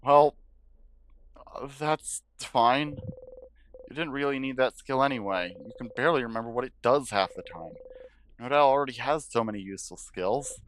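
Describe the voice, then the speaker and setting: A man hosting a let's play, reading game narration quietly and adding muttered asides of his own. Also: mid-range voice, normal speed, slight background noise.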